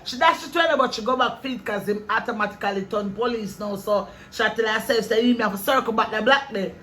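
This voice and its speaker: Jamaican man, high bright voice, talkative barbershop storyteller. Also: fast. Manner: rambling animated storytelling. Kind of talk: casual chat.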